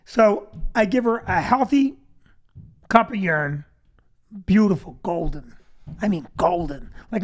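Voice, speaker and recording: A man in his fifties hosting a podcast, telling a comic story with self-deprecating asides. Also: high-pitched. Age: 50s. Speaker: podcast host. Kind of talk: comedic storytelling monologue.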